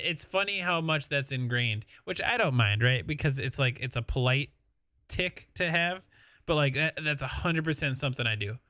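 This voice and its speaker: A man's voice: a little high, sharp tone, no room sound, clean studio sound. A man with a Midwestern accent chatting casually on a live stream, rambling and laughing as he talks. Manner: rambling, laughing, swears freely.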